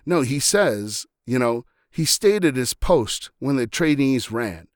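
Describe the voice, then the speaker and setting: Podcast host, male, casual film analysis, mid-pitched, dry close sound, chatty and meandering. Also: expressive, measured pace, few pauses, no echo. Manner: rambling, frequent restarts and fillers.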